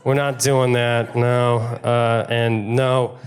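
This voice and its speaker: A man's voice: mid-range voice, flat delivery, slow pace, smooth, natural voice. A man voicing a pizza chain as a blunt, dismissive guy.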